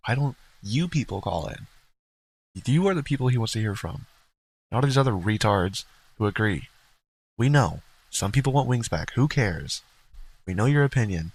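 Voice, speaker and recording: A man's voice: mid-range voice, expressive, moderate pace, pauses often, a little mellow, breathy edge, low-quality recording. A man co-hosting a livestream in casual, rambling chat, blunt and profane, laughing now and then. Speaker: streamer co-host.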